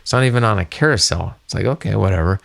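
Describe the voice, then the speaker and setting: Middle-aged male podcast co-host, gravelly voice, lively storyteller who acts out the other people's lines. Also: fairly low pitch, quick pace. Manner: animated, acts out quoted voices. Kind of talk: casual storytelling chat.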